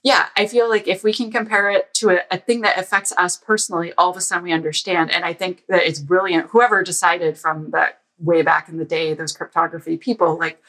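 A woman guest on a podcast, telling lively stories in casual conversation and acting out the dialogue as she goes. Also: lowish voice, brisk, hardly any pauses, rough recording. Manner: lively anecdotes, acts out quoted dialogue. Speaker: podcast guest, security author. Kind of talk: casual storytelling interview. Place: lives in a Canadian province.

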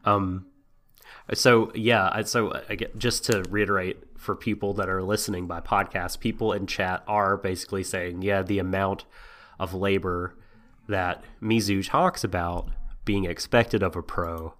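A man's voice: deep voice, steady tone, a little slow, fairly bright tone. A man co-hosting a podcast, casually recapping an anime episode with frequent laughs and many ums. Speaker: podcast co-host.

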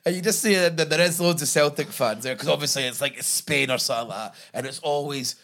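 A Scottish podcast host chats casually, swearing and laughing his way through his stories. He talks quickly, in a voice on the high side that sounds a bit bright.

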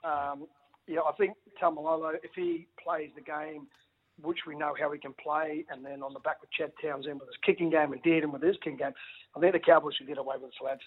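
A middle-aged man, a former rugby league player, chatting excitedly as a radio guest, stumbling over restarts and calling everyone mate. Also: a little high, a little fast, husky. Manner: excitable, stammering restarts, says mate a lot. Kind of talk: casual radio phone interview. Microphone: phone. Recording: phone-line audio.

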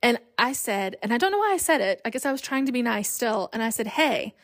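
A woman's voice: fairly high pitch, big pitch swings, fast, no room sound, clean studio sound. A woman in her thirties hosting a podcast, telling personal stories in a candid, self-deprecating way. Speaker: podcast host. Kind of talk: personal storytelling.

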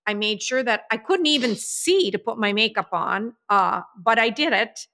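A woman's voice: fairly high pitch, normal speed, sharp tone. A woman in casual chat as podcast co-host, telling stories about her daughter's wedding in an emotional, chatty way, recorded in an apartment. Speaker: podcast co-host, mother of the bride.

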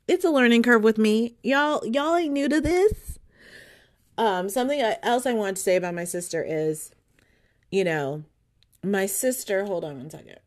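A woman's voice: mid-range voice, lively intonation, moderate pace. A woman hosting her podcast, rambling and swearing freely in a casual monologue. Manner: profane, rambling, chatty. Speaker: podcast host.

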